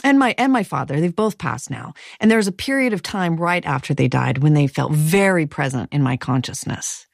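A woman hosting an interview, asking questions in a gentle, measured way. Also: deep voice, animated, gravelly. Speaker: host.

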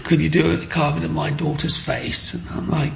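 A man's voice: on the high side, steady tone, moderate pace, vocal fry, slight background noise. A man, an interview guest telling his life story and acting out the people in it. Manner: acts out the people in his stories. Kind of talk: personal storytelling.

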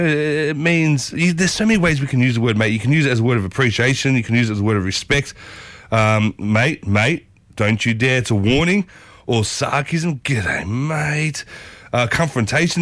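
A man's voice: medium pitch, animated, fast talker, a bit bright, no room sound. A man with an Australian accent, hosting a casual community radio show in a rambling, folksy way.

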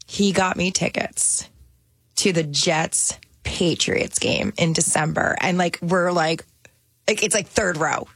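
A woman's voice: lowish voice, slow, vocal fry, a bit bright, breathy edge, no echo. A woman from New Jersey, co-hosting a radio talk show in a chatty, bubbly way. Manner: chatty, bubbly, says "like" a lot. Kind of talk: casual chat.

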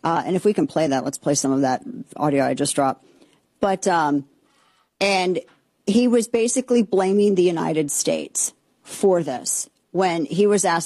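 A woman's voice: on the low side, moderate pace, dark tone, no echo. A woman hosting a commentary show, giving heated political opinions in a rambling way with frequent restarts and exasperated outbursts.

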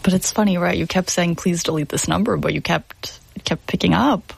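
A woman hosting a documentary podcast, narrating the story and questioning her guest in a measured way. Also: fairly low pitch, creaky, slightly rough. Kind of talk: scripted narration and interview questions.

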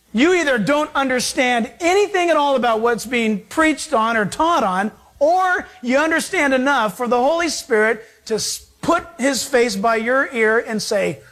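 A man preaching a sermon as a pastor, emphatic and animated. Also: extremely high pitch, unhurried. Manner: emphatic, animated preaching that acts out quoted voices.

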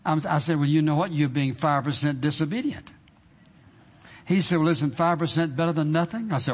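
Man preaching in a reverberant hall. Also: on the high side. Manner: emphatic preaching with slow drawn-out scripture readings and repeated phrases. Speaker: pastor. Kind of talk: sermon. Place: church sanctuary. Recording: dull sound in a long-reverb hall.

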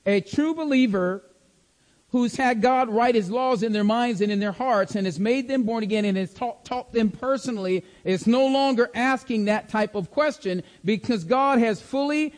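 A preacher with a very high-pitched, a little mellow voice teaches a Bible study in a large hall at a moderate pace. He delivers it like a sermon, stressing and repeating key words and asking the class to follow along.

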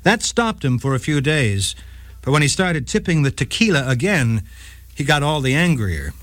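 A man's voice: moderate pace, dry recording. A man hosting a short radio legal segment, telling a case story in scripted narration with dramatic storytelling. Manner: dramatic storytelling with lively pitch.

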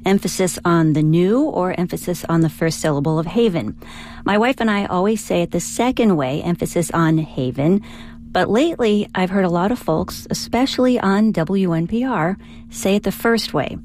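A woman's voice: lowish voice, animated, moderate pace, a little mellow, slight background noise. A woman from Virginia, a radio news anchor, reading listener questions on the air.

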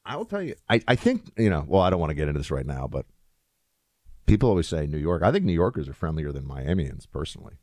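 A man's voice: extremely low pitch, big pitch swings, quick pace, darkish tone, no echo. A man hosting a show, chatting in casual commentary with lots of fillers and restarts. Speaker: show host.

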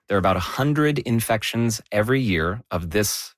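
A man explaining a news story in a conversational way, animated and correcting himself as he goes. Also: on the low side, moderate pace, dry recording, studio quality.

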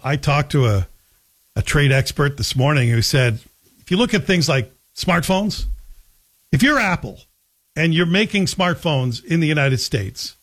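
A man hosting a talk show, delivering a blunt, sarcastic, animated opinion monologue. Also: a little high. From Canada. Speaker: radio talk show host.

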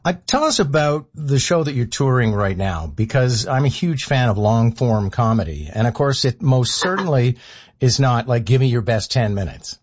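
Man, interview host, polished, brisk, dry close sound, dull audio. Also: mid-range voice, big pitch swings, husky, dry recording. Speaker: radio host. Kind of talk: interview hosting. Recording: dry muffled broadcast audio.

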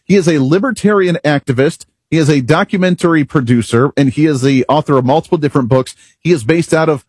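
A talk radio host man with a slightly husky voice pitched a bit high, delivering his monologue in an animated, opinionated way. He works through rhetorical questions and asides. The studio sound is close and dry. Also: fast talker, hardly any pauses, no room sound.

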